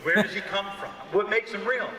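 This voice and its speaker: A man's voice: sits high, pushed and bright. Distant reflective man in a reverberant hall. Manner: musing, measured. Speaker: film director on a panel. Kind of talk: reflective storytelling on stage. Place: large convention hall stage. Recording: roomy hall with long reverb, distant mic.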